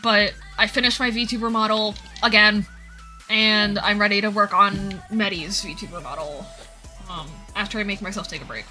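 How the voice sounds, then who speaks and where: A woman's voice: mid-range voice, steady tone, normal speed, bright, forceful tone, soft background music. A woman in her twenties streaming, telling stories in a casual chat, acting out the people she quotes and sounding out of breath. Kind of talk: casual chat while gaming.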